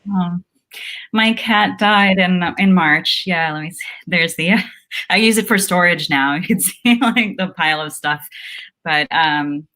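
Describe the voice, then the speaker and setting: Woman with a low voice, relaxed chatty guest on a video call from home, lots of ums. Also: measured pace. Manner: chatty, many fillers. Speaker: guest, newspaper editor. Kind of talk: casual video-call interview. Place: home room.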